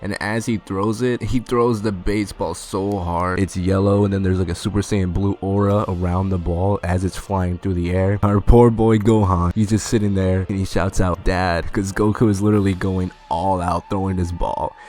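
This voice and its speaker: Low-voiced man, laughing slangy recap. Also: fairly even intonation, moderate pace, few pauses, darkish tone. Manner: laughs often, loose slangy chatter. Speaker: video creator recapping an anime episode. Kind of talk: casual episode recap.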